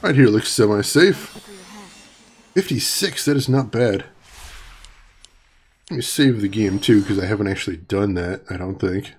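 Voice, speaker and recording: In a casual let's-play stream, a gaming streamer talks through his game, reads chat out loud and laughs often. He has a fairly low pitch, and there's a slight hiss or hum in the audio.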